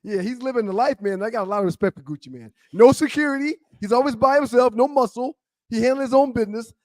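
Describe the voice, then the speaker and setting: A man with a high voice co-hosts a sports podcast. He talks casually, brags and spins stories with deadpan humor. The recording is dry and close to the mic. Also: fast talker, no echo. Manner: boastful, storytelling, deadpan jokes. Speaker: podcast co-host. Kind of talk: casual sports talk banter.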